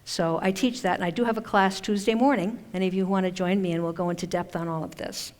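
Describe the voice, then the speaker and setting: This author speaks fast at a conference in a low, darkish voice with a steady tone, keeping her talk chatty and poking fun at herself. The sound comes from a conference hall stage and carries a long hall reverb.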